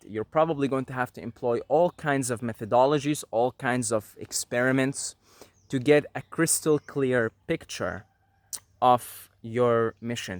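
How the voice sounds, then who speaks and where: A man's voice: medium pitch, dry recording. Earnest man, dry close sound. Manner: earnest, repeats points for emphasis. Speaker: spiritual video host. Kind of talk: casual spiritual teaching to camera. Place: apartment at night.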